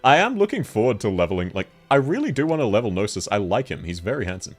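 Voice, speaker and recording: A man's voice: on the low side, big pitch swings, quick pace. A man with an Australian accent, chatting casually on a game stream, laughing often as he answers chat.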